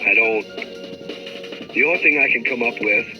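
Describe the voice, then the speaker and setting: A middle-aged man with a mid-range voice hosts a livestream at a moderate pace, ranting casually in a frustrated, rambling, profane way. The stream audio is dull and lo-fi, with music in the background.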